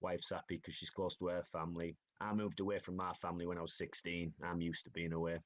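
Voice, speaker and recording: A man's voice: low voice, level tone, fast. A man, a hockey player telling stories in a casual podcast interview. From Northeast England. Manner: chatty storytelling, says "aye" and "like". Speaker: ice hockey player guest.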